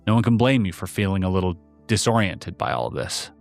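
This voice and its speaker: A stiff, by-the-book captain, as a man acts him out speaks in careful, measured words. The voice is low, with faint music underneath. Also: lively intonation, vocal fry. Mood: sympathetic. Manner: measured, formal. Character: stiff, formal male military captain.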